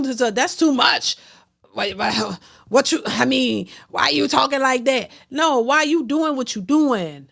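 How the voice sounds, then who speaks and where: A woman's voice: sits high, animated, measured pace, creaky, fairly bright tone. A woman hosting a reaction video, giving an emphatic, repetitive commentary rant and mocking the people she criticizes. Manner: emphatic, repetitive, preachy, mocking voices of others. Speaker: reaction channel host.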